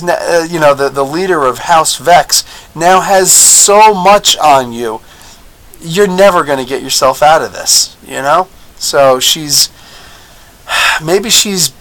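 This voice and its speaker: Excitable man reviewing a TV episode. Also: fairly high pitch, low-quality recording. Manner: excitable, chatty, lots of fillers, laughs often. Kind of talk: casual video review commentary.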